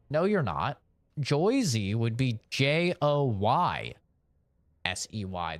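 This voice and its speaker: A man from Canada ranting on a live game stream, opinionated and animated, spelling words out letter by letter. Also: mid-range voice, slow, no room sound. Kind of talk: casual rant during a live game stream.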